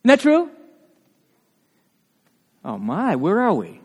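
Animated preacher with high, lively voice. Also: male voice, takes it slowly, slightly rough. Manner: animated, emphatic, with asides to the congregation. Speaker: pastor. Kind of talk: sermon. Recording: long reverb of a large hall.

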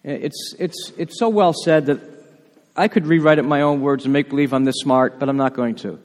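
A man preaching a sermon, animated and acting out the voices in the passages he quotes. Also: fairly high pitch, normal speed, long reverb tail. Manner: animated, acts out quoted voices with rising intensity. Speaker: pastor. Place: church sanctuary.

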